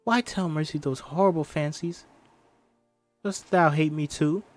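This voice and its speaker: Man voicing earnest teenage Puritan boy, higher voice, slow, old-fashioned pleading. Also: soft background music, lightly acted.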